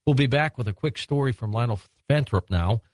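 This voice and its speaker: A man's voice: mid-range voice, animated, fairly quick, a little mellow, no echo. Genial late-night radio host, man. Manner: genial, chatty, laughs easily. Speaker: radio talk show host.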